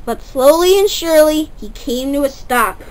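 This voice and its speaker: A woman's voice: high-pitched, animated, normal speed, rough recording. A woman narrating a toy-train story for children, stopping to quiz young listeners.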